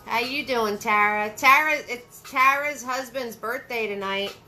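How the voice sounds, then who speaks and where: Soft music plays as this host leads a live painting lesson with step-by-step brush directions, calling viewers by name and repeating her key phrases. She speaks a little slowly in a higher, bright, forceful voice.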